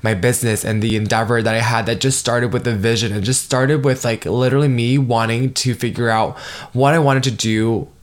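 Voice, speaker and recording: A man in his twenties hosting a solo podcast, talking in an emotional, effusive way, swearing freely and jumping up in pitch when excited. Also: brisk. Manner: animated, jumps higher when excited. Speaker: podcast host. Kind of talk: solo motivational podcast monologue.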